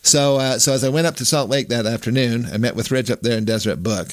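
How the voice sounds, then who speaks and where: A man's voice: mid-range voice, fast talker, no room sound. A man, an author, telling a long story casually, with many restarts, who acts out the people he quotes.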